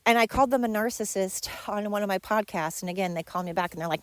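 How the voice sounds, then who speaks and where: A middle-aged woman talks at a quick pace on her solo podcast, sarcastically venting about coworkers from her past and mimicking them in high voices. The recording has no echo.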